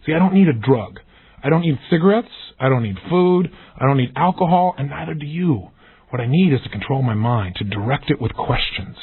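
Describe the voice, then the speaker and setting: Man, motivational talk, emphatic, lively pitch, breathy tone, tinny lo-fi sound. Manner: emphatic, dramatic quoted questions. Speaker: motivational speaker. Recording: tinny lo-fi audio recording.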